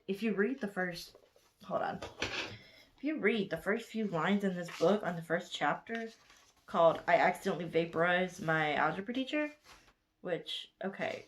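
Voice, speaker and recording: A woman's voice: fairly low pitch, moderate pace, slight background noise. A woman in her twenties with a Southern US accent, chatting casually through a book review late at night, sleepy and rambling, often correcting herself. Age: 20s. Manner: rambling, chatty, gushing, with frequent self-corrections.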